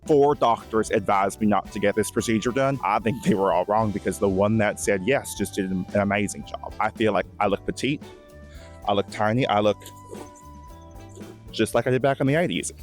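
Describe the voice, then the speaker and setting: A self-absorbed Bigfoot rambles earnestly through his forest home, played by a man in a deadpan mock-documentary. He talks in a low, unhurried voice, stops and restarts his sentences, and mixes vanity with painful shyness. Faint music plays under the outdoor recording. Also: natural voice. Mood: earnest rambling. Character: vain, shy, emotional Bigfoot giving a forest tour. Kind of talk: mock-documentary comedy monologue. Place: outdoors in woods.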